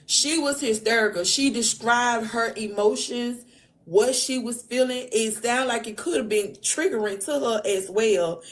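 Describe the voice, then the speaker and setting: A woman podcast host casually retelling events in an emphatic, animated way, full of slang. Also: fairly high pitch, a little slow. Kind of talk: casual storytelling recap.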